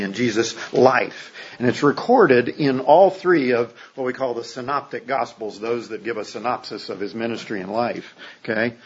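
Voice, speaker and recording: A man delivers a sermon as a pastor, chatty and joking, often checking in with his listeners. His voice is husky and sits at a middling pitch. The recording sounds dull and lo-fi. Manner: conversational, joking, checks in with "okay?".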